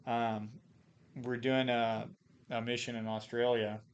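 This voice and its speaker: A man's voice: medium pitch, little pitch movement, slow pace, lo-fi sound. A man from Idaho spins loose, profanity-laced stories as a podcast guest. He talks in a mid-range voice, stumbles through restarts and fillers, and keeps an easy, conversational flow. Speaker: podcast guest, former Marine scout sniper. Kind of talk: casual storytelling.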